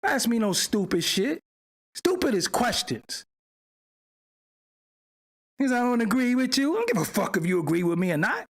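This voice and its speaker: Male streamer host, gravelly voice, lively swooping delivery, profane and mocking, picks fights with chat. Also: very high-pitched, moderate pace, pauses often. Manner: argues with chat viewers. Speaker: channel host. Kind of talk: livestream commentary rant.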